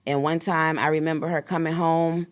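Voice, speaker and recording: A woman in her thirties, a guest in an interview, talking in a rambling, animated way and acting out quoted dialogue. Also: low voice, normal speed. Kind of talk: casual interview storytelling.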